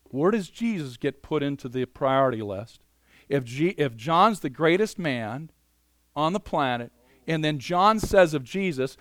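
Male preacher, somewhat high voice, dry close mic; animated sermon delivery with chatty asides. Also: normal speed, no room sound. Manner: animated, swings between loud emphasis and quiet asides; conversational, many "you know" fillers.

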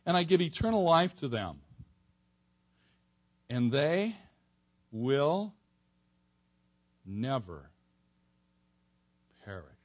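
A man preaching an expository sermon to a congregation, animated, swinging from soft asides to near-shouted emphasis. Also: on the high side, slow pace, pauses often.

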